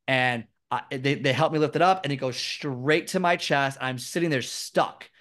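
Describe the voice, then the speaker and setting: A man's voice: mid-range voice, normal speed, a bit bright. A man, a fitness expert chatting as an interview guest, rambling and self-deprecating as he tells stories. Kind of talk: casual interview storytelling.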